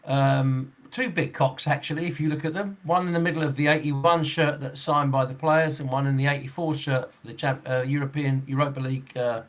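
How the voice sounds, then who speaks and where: A man's voice: medium pitch, steady tone, fairly quick, hardly any pauses. Rambling, chuckling man in his sixties. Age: 60s. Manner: rambling, chuckling, with frequent fillers and restarts. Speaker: football referee and podcast host. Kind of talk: casual podcast chat.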